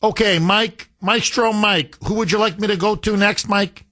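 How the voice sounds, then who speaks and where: A male talk radio host with a fairly high voice talks indignantly, his pitch climbing as he gets worked up. He sounds animated and pointed, with a clean studio sound. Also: normal speed. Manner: animated, indignant, repeats phone number.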